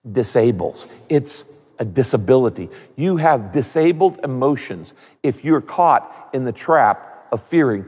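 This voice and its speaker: A man preaching a sermon as a pastor, conversational and animated, with humor. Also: mid-range voice, moderate pace, slightly rough, long reverb tail.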